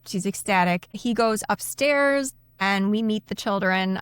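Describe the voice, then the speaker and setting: A woman's voice: medium pitch, smooth, no room sound. Woman co-host, dry close sound. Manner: eager storytelling with quick agreement. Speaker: podcast co-host. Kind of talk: casual movie recap chat.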